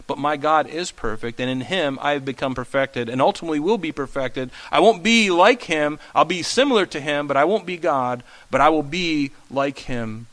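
A man's voice: on the high side, a bit bright, low-quality recording. A male pastor preaching a conversational sermon, often asking the congregation questions. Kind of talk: expository sermon.

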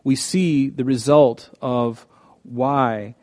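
A man's voice: mid-range voice, steady tone, very slow, darkish tone, no room sound, clean studio sound. A man preaching a conversational sermon, telling stories in a folksy way with frequent restarts. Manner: folksy, storytelling, many restarts. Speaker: pastor.

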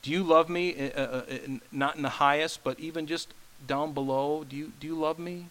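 A man voicing a gentle male teacher who questions a friend earnestly. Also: fairly high pitch, steady tone, normal speed, close to an everyday voice.

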